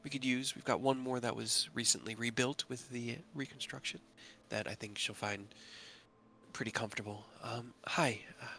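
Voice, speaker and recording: A woman's voice: sits low, big pitch swings, normal speed, a bit bright, slight background noise, voice pushed up. Young female guildmaster, hesitant and earnest, voiced by a male game master. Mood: reassuring. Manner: hesitant, stammering.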